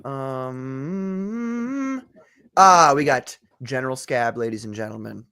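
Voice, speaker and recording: A man's voice: medium pitch, lively intonation, slow pace, sharp tone, clear, resonant tone. A man hosting a casual livestream chat, joking, laughing often and reading viewer comments aloud. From Maryland. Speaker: host.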